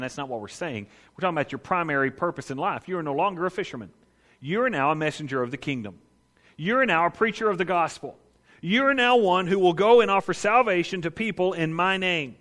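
A man's voice: on the high side, a bit bright. A man preaching a sermon as pastor, speaking earnestly to his listeners, checking in with "right?" and rising to emphatic peaks. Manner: addresses listeners directly with "right?".

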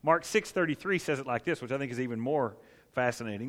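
A man preaching a sermon as pastor, telling the story with animated, playful asides, in a church. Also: medium pitch, quick pace. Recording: echoey hall.

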